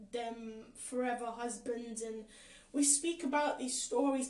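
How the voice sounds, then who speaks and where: A woman's voice: high voice, a little mellow, distant mic. A woman hosting a faith podcast, speaking in an earnest, impassioned way and repeating lines for emphasis. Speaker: podcast host. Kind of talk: passionate faith talk. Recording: echoey room, away from mic.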